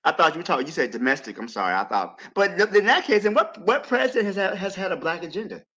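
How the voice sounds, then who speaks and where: Male guest, animated and insistent, voice swings widely. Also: sits high, quick pace, low-quality recording. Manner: animated, argues with rising emphasis. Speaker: panel guest. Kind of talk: heated panel debate.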